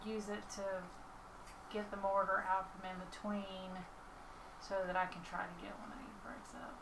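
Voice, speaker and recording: A woman's voice: medium pitch, level tone, normal speed, noisy background. A woman playing a tabletop game in casual chat, talking hesitantly with many fillers, recorded in a roomy space from a distance. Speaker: player.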